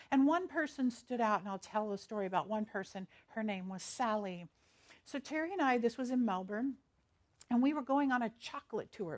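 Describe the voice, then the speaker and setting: A woman minister, giving a chatty, storytelling sermon and laughing easily. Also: a little high. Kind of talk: conversational sermon.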